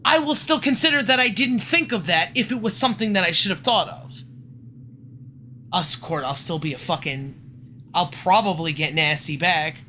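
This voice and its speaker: Frustrated host, profane, rambling, sharp bright voice. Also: medium pitch, a little hiss or hum. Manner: frustrated, profane and swearing often; rambling, breaks off and restarts sentences. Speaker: livestream host. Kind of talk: casual conversation.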